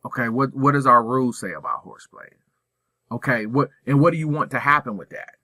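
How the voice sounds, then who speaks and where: Male school administrator, bright forceful voice, dry close sound, blunt emphatic delivery for a staff training. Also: medium pitch, fairly quick, no echo. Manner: direct, emphatic, rhetorical questions. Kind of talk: professional development talk.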